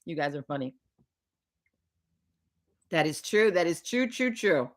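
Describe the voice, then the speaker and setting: Chatty, profane woman, low voice. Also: animated, measured pace. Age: older. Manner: chatty and profane, laughs often. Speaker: livestream host. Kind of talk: casual morning livestream chat.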